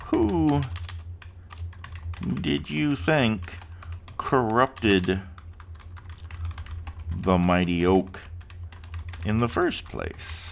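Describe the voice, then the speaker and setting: A man's voice: on the low side, creaky, a little hiss or hum, voice pushed up, full character voice. A man voicing a scarred, malevolent male goblin chieftain with a guttural, snarling growl. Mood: menacing. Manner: snarling, slow and menacing.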